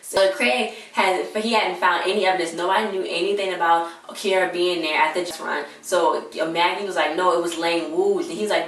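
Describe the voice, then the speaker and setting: Chatty low-voiced woman in echoey room. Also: fairly even intonation, a little fast, a bit bright. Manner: chatty, retells scenes with quoted lines. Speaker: TV episode reviewer. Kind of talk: casual episode recap. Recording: echoey room, far from mic.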